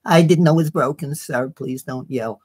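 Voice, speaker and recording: A man doing a quick impression of a goofy comedian, with a high, whiny, slowed comic delivery. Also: a little mellow, slightly rough, dry recording, clean studio sound.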